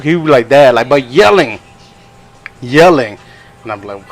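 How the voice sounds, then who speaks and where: A young man co-hosts a podcast, his voice at medium pitch with lively intonation and a moderate pace. He tells stories in a rambling, casual way, laughs often, and acts out what people said in other voices.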